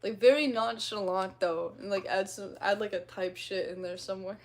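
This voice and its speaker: Woman, 20s, livestreamer, casual rambling chat, self-mocking, laughs often, gravelly fry. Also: medium pitch, normal speed.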